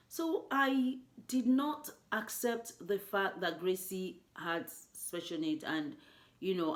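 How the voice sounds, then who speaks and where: Mum vlogging; a slightly low voice, earnest and emotional, lots of "you know". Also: female voice. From Nigeria. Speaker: mother. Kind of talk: personal storytelling vlog.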